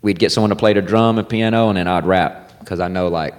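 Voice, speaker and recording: A man's voice: low-pitched, fast. A man hosting a podcast, telling stories in a loose, profane, casual chat. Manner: animated, loose, swearing freely. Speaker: podcast host. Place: comedy club. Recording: long reverb in a club room.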